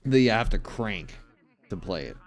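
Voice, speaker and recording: Un uomo che spiega con calma in una chat di gruppo. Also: male voice, fairly low pitch, moderate pace. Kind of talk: casual chat in a VR social game.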